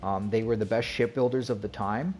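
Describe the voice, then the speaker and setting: A man with a lowish voice chats loosely to his stream chat. He rambles and restarts as he tells a story, laughing now and then. Faint music plays underneath. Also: steady tone, fairly quick, darkish tone. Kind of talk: casual chat.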